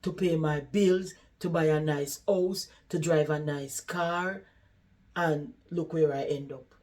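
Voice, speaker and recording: A woman's voice: deep voice, steady tone, slow pace, darkish tone. A woman who works as a caregiver, earnestly retelling a patient's story in a conversational vlog. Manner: earnest, conversational retelling with many "she said" tags.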